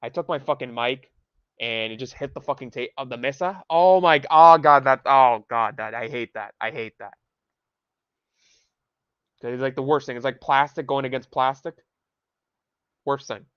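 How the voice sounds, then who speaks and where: A man's voice: medium pitch, normal speed, pauses often, no room sound. Young male streamer, profane heated rant mixed with Spanish words, dry muffled home mic. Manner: mixes in Spanish phrases. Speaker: livestream host. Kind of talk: ranting livestream commentary.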